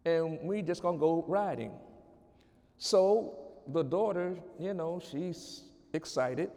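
Gravelly high-voiced preacher in a reverberant hall. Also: male voice, darkish tone. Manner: storytelling preacher, rising to emphatic call-outs. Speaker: pastor. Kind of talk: sermon. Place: church sanctuary.

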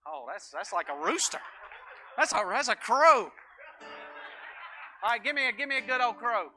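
A Southern American man preaches in a church, his voice pitched very high and cuttingly bright. He drops to a hush for the story, then rises to a shout, and calls out to members of the congregation by name. Soft music plays faintly underneath. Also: expressive, moderate pace. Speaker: pastor. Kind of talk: sermon. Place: church sanctuary.

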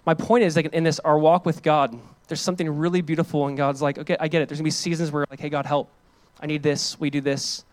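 A male pastor giving a sermon. He talks casually to the congregation and reads scripture aloud with loud, rising emphasis. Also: on the high side, level tone, fast talker. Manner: calls on the congregation to join in.

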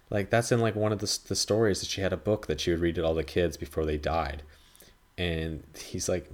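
His voice is low-pitched and flat, and he talks a little fast. He's a podcast host reviewing a film in an easygoing, rambling chat, swearing freely and acting out lines as he goes.

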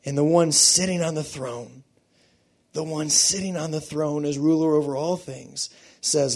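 A man preaching a sermon to a church congregation, swinging from hushed, quiet stretches to loud, fervent peaks. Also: on the high side, fairly even intonation, a little slow. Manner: impassioned, building from hushed to loud. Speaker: pastor.

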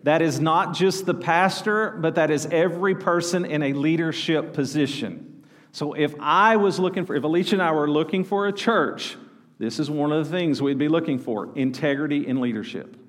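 A man's voice: on the high side, normal speed. A male pastor, preaching a sermon and calling on the congregation to answer back. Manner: preaching, calls out to congregation for responses. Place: church sanctuary. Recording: long hall reverb.

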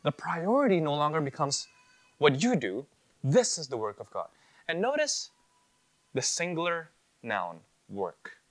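A man's voice: fairly high pitch, very animated, moderate pace, no echo. A man preaching an expository sermon, emphatic, often repeating phrases and asking rhetorical questions.

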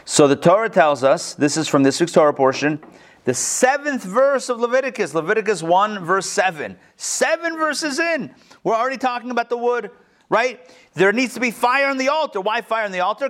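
Lively man teaching a class. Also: high voice, moderate pace. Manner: lively, asks the group questions, joking asides. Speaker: teacher leading a text study class. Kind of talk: casual interactive teaching.

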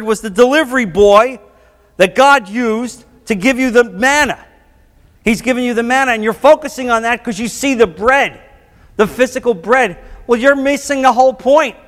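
A male pastor delivers his sermon in a high, ringing voice. He drives his points with impassioned emphasis. The sound carries a long, echoing hall reverb. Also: fairly bright tone. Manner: impassioned preaching, rising to emphatic declarations.

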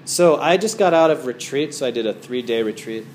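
A man's voice: medium pitch, lively intonation, a little fast, a little mellow, a little hiss or hum. A man giving a casual talk as a meditation teacher to a small group in a wellness center, rambling through stories with many fillers.

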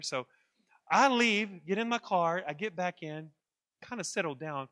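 High-voiced pastor guy telling a funny story from the pulpit, chuckling, talking to the folks. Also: moderate pace, no room sound, studio quality. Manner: animated, chuckling anecdote telling with asides to the congregation. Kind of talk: storytelling sermon.

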